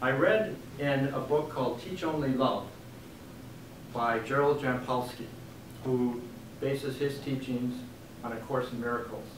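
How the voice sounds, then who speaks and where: A man, an author giving a book reading, telling a story in an animated way and acting out the quotes. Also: mid-range voice, measured pace, background noise. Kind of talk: storytelling talk. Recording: echoey room from a distant mic.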